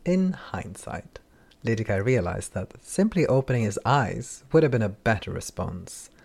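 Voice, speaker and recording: A man narrating a fantasy audiobook in a measured, wry storytelling manner. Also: fairly low pitch, lively intonation, gravelly, darkish tone, breathy edge.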